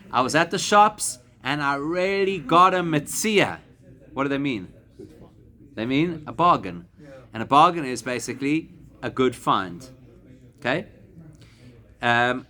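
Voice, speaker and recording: Rabbi teaching a Talmud class. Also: male voice, on the high side, sharp tone. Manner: explanatory, slows to spell out Hebrew and Aramaic words. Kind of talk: classroom lesson to a live group.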